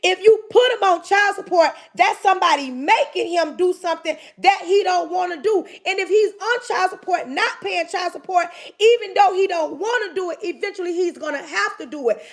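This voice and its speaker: High-voiced woman preaching on a livestream. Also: normal speed, few pauses. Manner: emphatic, repetitive, calls out to listeners directly. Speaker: livestream host. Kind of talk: preachy motivational talk.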